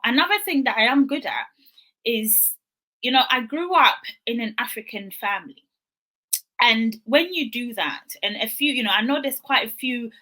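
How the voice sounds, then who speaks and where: Bright-voiced woman giving a wellness talk. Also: on the high side. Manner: earnest, conversational, acts out quoted dialogue. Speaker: wellness speaker. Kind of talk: motivational talk.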